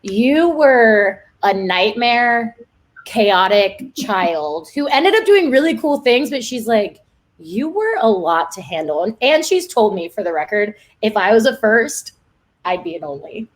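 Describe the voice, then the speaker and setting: A woman's voice: medium pitch, big pitch swings, measured pace. A woman in her twenties, a guest telling stories in a casual chat, giggly and full of "like". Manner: giggly, chatty storyteller, lots of "like".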